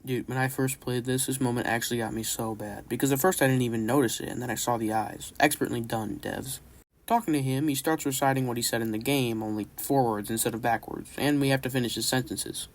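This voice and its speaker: A man's voice: medium pitch, fairly even intonation, fairly quick. A man giving casual, enthusiastic commentary as a gaming YouTuber walking through a horror game.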